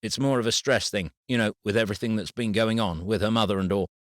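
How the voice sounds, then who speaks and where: A man's voice: on the low side, fast, no room sound, clean studio sound, natural voice. A man playing a tired, groggy father in an audiobook, speaking in a sleepy, hesitant way.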